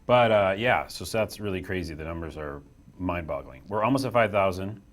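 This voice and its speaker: A man's voice: deep voice, animated, normal speed. A young man hosting a casual live stream from a small office room, chatty and self-deprecating as he reads the chat aloud.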